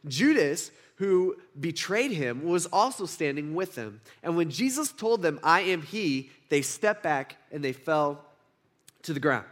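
A man teaching a Bible passage in a casual, conversational way, full of fillers and quick "right?" check-ins. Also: a little high, sing-song.

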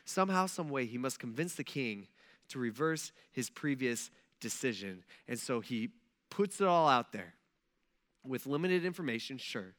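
A man's voice: mid-range voice, lively intonation, moderate pace, fairly bright tone. A man preaching a sermon in a conversational style, full of asides to his listeners. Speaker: pastor. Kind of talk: casual sermon.

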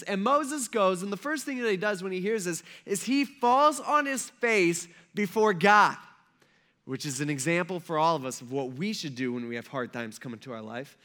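A man's voice: sits high, animated, normal speed, a bit bright. A male pastor preaching a casual sermon, telling stories in a conversational way full of "like" and acted-out quotes. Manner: conversational storytelling with lots of "like" and voiced quotes.

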